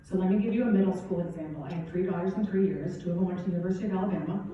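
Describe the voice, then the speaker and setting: Speaking at a racing pace in a warm, fairly low voice, a middle-aged woman who coaches golf delivers a laid-back motivational keynote, tossing in "right?" again and again. It's captured by a distant, dull mic in a very echoey event hall at a golf championship, with slight background noise.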